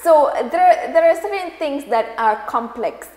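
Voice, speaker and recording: A woman from Gambia hosting an interview, mixing Wolof, English and French and giving many soft murmurs of agreement. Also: high-pitched, lively intonation, a little slow, background noise. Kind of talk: interview conversation. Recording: echoey room with long reverb.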